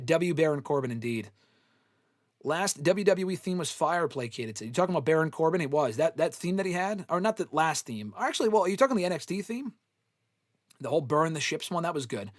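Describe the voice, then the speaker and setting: A man's voice: on the high side, dry recording, clean studio sound. A young man hosting a live fan Q&A, chatting casually in a blunt, profane, offhand way. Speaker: host answering fan questions.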